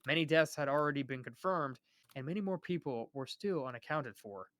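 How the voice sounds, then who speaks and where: A man's voice: on the high side, a little fast, fairly bright tone, no echo. A young man reading a novel aloud on a live stream, often stumbling over names and restarting words.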